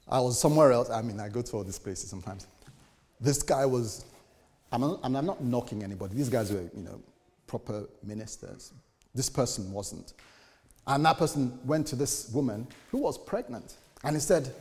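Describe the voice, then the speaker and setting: A man preaching a sermon as a pastor, animated, jumping to sudden high bursts and then dropping low and quiet. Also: moderate pace. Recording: long reverb of a hall.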